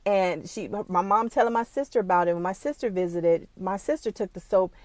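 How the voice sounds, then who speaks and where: A medium-pitched woman talks fairly quickly, with no echo around her. She's the owner of a small business, speaking to camera with casual, blunt motivation and free swearing, getting emotional and close to tears as she fights them back.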